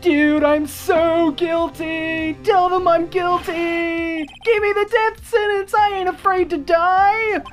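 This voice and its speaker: A woman voicing a hysterical, melodramatic young man in a game, wailing and shouting. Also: extremely high pitch, steady tone, slow, hardly any pauses, faint music behind, pitched above the performer's own voice.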